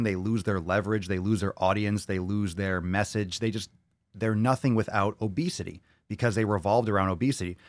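Profane, excitable low-voiced male podcast host. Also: dry recording, clean studio sound. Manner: profane, excitable, repeats phrases. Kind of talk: casual podcast monologue.

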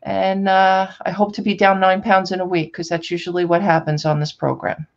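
A woman's voice: fairly low pitch, level tone, moderate pace. A woman hosting a casual live-stream sale, chatting and calling out viewers by name. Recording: dull lo-fi sound.

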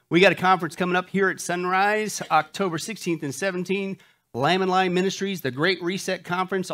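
A man's voice: sits high, bright, forceful tone. A male pastor giving church announcements and an opening prayer, upbeat and joking, often saying "that's right". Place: church sanctuary before a live congregation.

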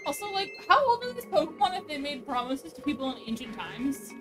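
A woman streamer chats excitably while playing, with a lively, swooping pitch. Game music plays behind her voice. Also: fairly quick, far from the mic. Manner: excitable, swears, talks to her cat. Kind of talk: casual gaming chat.

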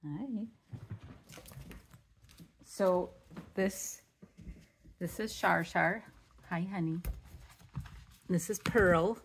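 A woman's voice: drawn-out words, long pauses, a little hiss or hum. A woman dog breeder chatting casually on her vlog while showing her puppies in their indoor pen, cooing at them now and then. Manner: chatty, coos at the puppies in a high baby voice.

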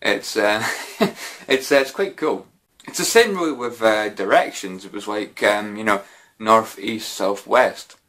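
A man's voice: lowish voice, a little slow, a bit bright. A man answering viewer questions in a casual, rambling way, with lots of fillers and mild swearing. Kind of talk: casual Q&A chat.

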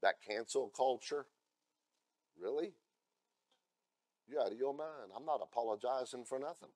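A male pastor delivering a sermon, moving between loud scripture readings and blunt asides to the congregation. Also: medium pitch, moderate pace, dry recording. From America. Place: church.

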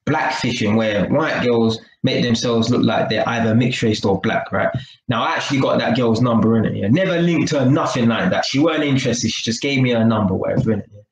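A man talks straight to his live-stream audience in a loose, chatty way, tagging his points with quick checks to his listeners. His voice sits at an ordinary pitch. It sounds roomy, with a faint hiss behind it. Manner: chatty, peppered with tag questions. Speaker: vlogger. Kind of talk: live-stream rant to viewers.

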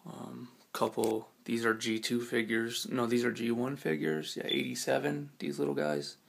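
A man with a scratchy, hoarse voice gives a laid-back, rambling tour of his collection at home, with many ums and casual swearing. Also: medium pitch, moderate pace. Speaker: collector giving a room tour.

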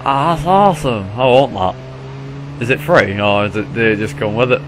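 A man streaming a video game, chatting casually and excitably and laughing often. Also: mid-range voice, moderate pace, background noise. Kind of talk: casual gaming chat.

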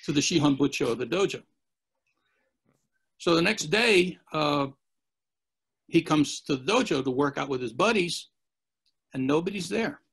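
A gravelly man telling stories as a podcast guest, rambling from one anecdote to the next. His voice sits a little high for a man and has a husky grain, and he slips into the voices of the people he quotes. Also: lively intonation, moderate pace, pauses often, fairly bright tone. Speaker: interview guest. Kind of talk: storytelling in a podcast interview.

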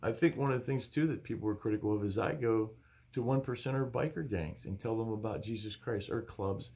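A male pastor teaching from the Bible in an emphatic, animated preaching style. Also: lowish voice, brisk, creaky.

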